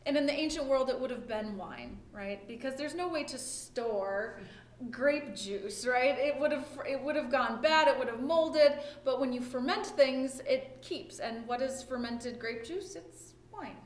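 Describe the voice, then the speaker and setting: A woman's voice: high voice, a little slow. A woman pastor giving a conversational sermon, often checking in with "right?" and thinking aloud as she retells the story. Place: church or home during lockdown worship. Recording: echoey room with faint ambience.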